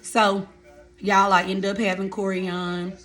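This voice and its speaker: Woman in her thirties, storytelling vlog, animated and direct with her viewers. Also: medium pitch, slow pace. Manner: animated, addresses viewers as y'all and baby. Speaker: vlogger telling her life story.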